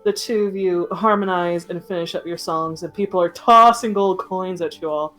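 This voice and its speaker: A woman's voice: lowish voice, normal speed, fairly bright tone, soft background music, rough recording. A woman narrating as game master, hesitant with many fillers.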